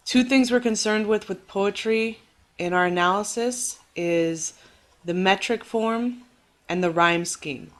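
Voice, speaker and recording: A female teacher delivers a recorded lecture in a lowish voice, explaining things patiently and clearly while reassuring her students. When she demonstrates rhythm, she exaggerates the stress on words.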